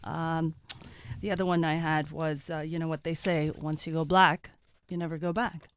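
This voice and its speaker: A woman guest on a live panel show, telling jokes deadpan with hesitant fillers. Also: sits low, moderate pace, clean tone, dry recording.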